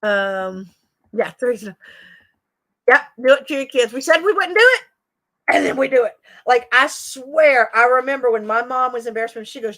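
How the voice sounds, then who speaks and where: Chatty woman, fairly high voice. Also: animated, moderate pace, a bit bright. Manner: chatty, laughs often, talks to chat. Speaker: livestream host; teacher. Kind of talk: casual live chat with viewers.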